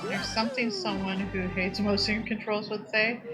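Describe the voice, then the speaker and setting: Animated woman streamer over game music. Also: mid-range voice, moderate pace. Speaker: streamer playing a video game. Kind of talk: casual chat while gaming.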